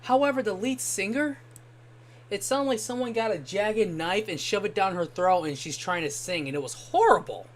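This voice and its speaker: At a moderate pace and in a high voice, a young man keeps up casual chat during a gaming stream. He rambles through lengthy stories, dropping in a swear word every so often.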